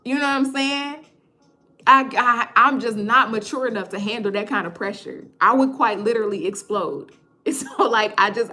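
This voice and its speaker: A young woman, hosting a casual livestream chat, joking, animated, often stammering and repeating herself. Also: on the high side, normal speed, soft background music. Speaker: livestream host.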